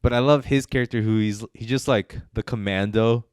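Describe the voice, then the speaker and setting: A podcast co-host with a low, smooth, resonant voice and a darkish tone reviews a film in casual chat at a fairly quick pace. He rambles and hesitates, circling back with lots of fillers and restarts, and the sound is dry and close with no room echo.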